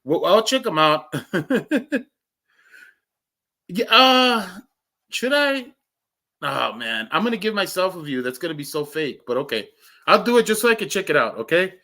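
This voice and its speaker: A man hosts his own livestream, rambling and joking with his few viewers and laughing often. His voice is bright and fairly high for a man. It jumps between loud bursts and low mutters. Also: sing-song, measured pace, pauses often. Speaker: livestream host. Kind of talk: casual livestream chat.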